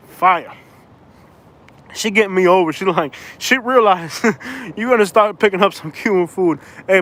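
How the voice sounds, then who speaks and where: A man's voice: on the high side, fairly bright tone. A man from Florida hosting a casual livestream outdoors, rambling and chatting with viewers. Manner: rambling, chatty, reads viewer comments aloud. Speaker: livestream host. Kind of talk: casual live chat. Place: outdoors in a suburb. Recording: faint outdoor traffic noise.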